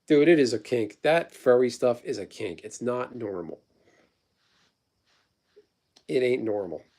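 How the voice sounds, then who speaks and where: A man's voice: mid-range voice, lively intonation, moderate pace, a little mellow. A man in his thirties hosting a casual livestream, rambling through stories and blunt, profane opinions while answering chat. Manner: replies to chat messages. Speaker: livestream host.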